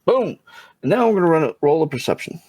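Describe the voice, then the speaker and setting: A man talking through his moves in a tabletop game, with plenty of self-corrections. His pitch moves around a lot. The sound is close and dry. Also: sing-song, quick pace, darkish tone, breathy edge, dry recording. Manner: rambling, self-interrupting. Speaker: player. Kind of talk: casual tabletop chat.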